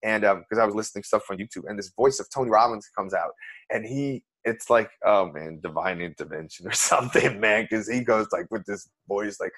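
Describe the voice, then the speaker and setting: A man's voice: on the low side, brisk, fairly bright tone, husky. A man, an interview guest, telling a personal story in an earnest, emotional way with many restarts.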